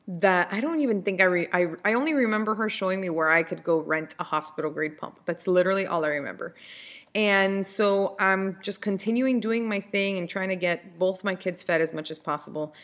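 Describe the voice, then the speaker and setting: A woman's voice: medium pitch, fairly bright tone. A woman in her thirties hosting a podcast, telling a personal story in a candid, chatty way with frequent restarts. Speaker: podcast host.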